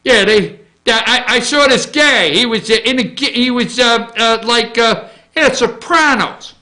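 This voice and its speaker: Joking guy host, real high bright voice, bounces all over, rambles off on tangents. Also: unhurried. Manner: joking, rambling, animated, with asides. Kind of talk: casual opinion commentary.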